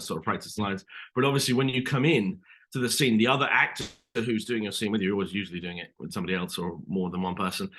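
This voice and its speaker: British guy being interviewed, deepish voice, keeps saying you know and sort of. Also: a bit bright. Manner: hesitant, many fillers and restarts. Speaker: actor guest. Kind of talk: casual interview chat.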